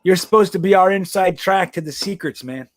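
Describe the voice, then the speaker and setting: A man with a high voice, talking a little fast, hosts a casual live stream chatting about football. He rambles and jokes, swearing plenty along the way.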